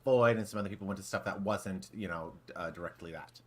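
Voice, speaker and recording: A man's voice: low voice, quick pace. A man co-hosting a podcast in casual, rambling chat with many fillers. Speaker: podcast co-host.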